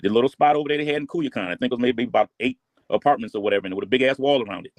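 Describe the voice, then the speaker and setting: A man's voice: mid-range voice, racing, no echo. A man telling his past in a blunt, profane, casual way. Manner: blunt, profane street talk. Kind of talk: casual storytelling.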